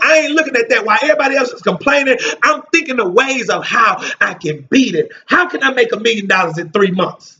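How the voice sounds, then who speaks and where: Give me a high, bright-voiced man preaching an emphatic sermon, recorded on a distant, dull mic. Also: lively intonation, fairly quick, few pauses, a little hiss or hum. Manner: emphatic, repetitive preaching with rising shouts. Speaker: minister. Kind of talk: Bible study sermon.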